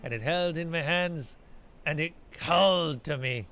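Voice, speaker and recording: A man's voice: on the high side, unhurried, fairly bright tone, soft background music. A man voicing a grim, boastful old male pirate ghost, reading game dialogue aloud in salty pirate talk.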